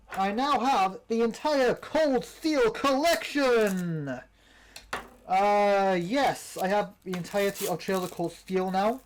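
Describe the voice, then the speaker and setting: Young British male host, high voice, casual rambling unboxing chat. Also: slight background noise. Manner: rambling, chatty, with many ums and restarts. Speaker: channel host.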